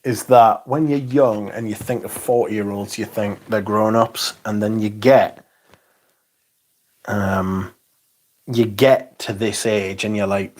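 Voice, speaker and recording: A man's voice: on the low side, fairly even intonation, slow, darkish tone. A man around forty, hosting a casual livestream, chatting and reading out viewer comments in a rambling, swearing way. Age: 40s. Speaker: fragrance livestream host.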